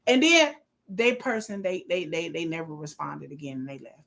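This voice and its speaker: A woman, probably in her thirties, hosting a casual live stream and telling sassy, animated stories with bursts of laughter. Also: mid-range voice, a little fast, gravelly. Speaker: livestream host.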